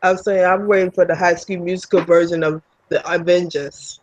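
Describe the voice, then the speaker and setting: A man talking earnestly in a casual group chat, halting and questioning. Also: sits high, level tone, dry recording. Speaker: panel guest. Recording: dull lo-fi sound.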